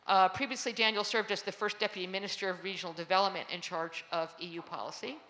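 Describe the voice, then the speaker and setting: A woman hosts a conference panel, her voice crisp and bright at a mid pitch. She talks in a chatty way, full of ums and restarts, as she introduces the guests to a live audience in a hall. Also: fairly even intonation, quick pace. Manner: chatty, filler-heavy introductions. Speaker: panel moderator.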